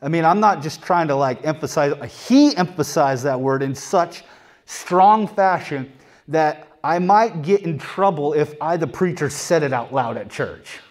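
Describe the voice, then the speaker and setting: A man preaching a sermon, conversational and emphatic, dropping soft and then building loud, and repeating key phrases. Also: a little high, animated, unhurried.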